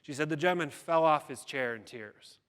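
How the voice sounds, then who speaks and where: Speaking a little fast with a fairly high, fairly bright, smooth voice, a man delivers a keynote, dramatizing a story and acting out its characters' lines. Long reverb from the hall surrounds him.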